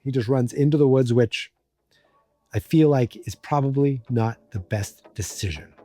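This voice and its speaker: Mellow, rambling male podcast host. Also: mid-range voice, moderate pace. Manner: rambling, joking, many fillers. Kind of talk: casual episode recap.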